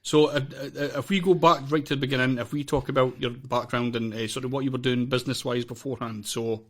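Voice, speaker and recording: A man's voice: medium pitch, steady tone, fast talker, a bit bright. A Scottish man hosting a podcast, chatty and friendly, with rambling phrasing. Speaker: podcast host. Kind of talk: casual chat.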